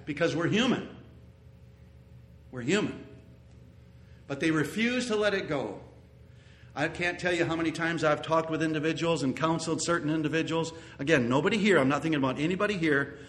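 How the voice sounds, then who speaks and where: A man preaching a sermon as pastor, earnest, repeating key phrases and sometimes rising to loud exclamations. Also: on the high side, brisk, long pauses.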